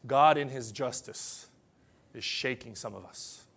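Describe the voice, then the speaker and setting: A man preaching a sermon to people whose first language is different, telling stories and then leading a quiet prayer. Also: mid-range voice, a little slow, vocal fry, breathy edge.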